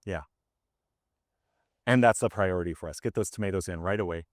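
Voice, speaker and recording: A man leading a farm tour outdoors, explaining his farming in a casual, conversational way with lots of fillers, his voice slightly hoarse. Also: deep voice, a little fast, no echo, studio quality. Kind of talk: explaining while walking a group around.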